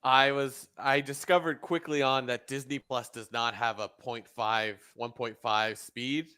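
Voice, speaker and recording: A man's voice: mid-range voice, fairly even intonation, unhurried, bright, forceful tone, smooth. A man co-hosting a casual podcast, rambling and laughing often. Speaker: podcast co-host. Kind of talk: casual chat.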